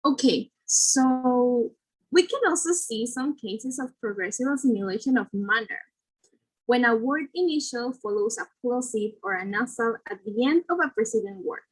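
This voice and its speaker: A woman's voice: a little high, moderate pace, slightly rough, rough recording. A woman presenting a lesson, explaining step by step with fillers and self-corrections. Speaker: student presenter.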